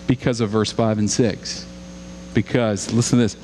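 A male pastor preaching a sermon and praying, voicing scripture with dramatic rises and slowing down for emphasis. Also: mid-range voice, slight background noise. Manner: animated preaching, dramatic when voicing scripture, then prayerful.

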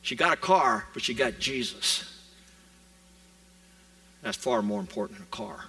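Gravelly, bright-voiced man preaching a sermon. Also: medium pitch, measured pace, distant mic, low-quality recording. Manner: animated storytelling, voicing the people in his story. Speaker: pastor. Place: church sanctuary.

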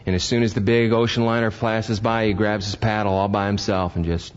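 Older male pastor, lowish voice, conversational sermon that builds to fervor; muffled church recording. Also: little pitch movement, fairly quick, hardly any pauses. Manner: conversational preaching, rising to impassioned emphasis.

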